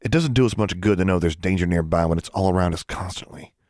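A man's voice: low-pitched, fast talker, dry recording, studio quality, lightly acted. Man voicing a nervous sixteen-year-old boy. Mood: earnest. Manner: pleading, then sharp.

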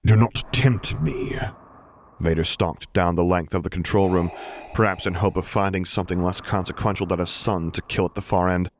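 A man reading a fan-written story aloud in steady, measured narration. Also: deep voice, slight background noise. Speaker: audiobook narrator. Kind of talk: scripted narration.

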